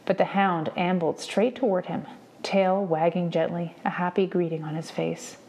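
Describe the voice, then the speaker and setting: A woman reads a novel aloud to students, chapter by chapter, in a steady, measured way. Her voice sits low with a gravelly, creaky texture. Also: slight background noise. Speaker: reader.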